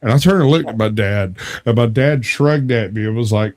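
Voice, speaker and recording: A young man appearing as a debate show guest tells a long family story casually, his medium-pitched voice moving at a moderate pace with few pauses. He's animated, laughs often, and acts out the voices of the people he quotes.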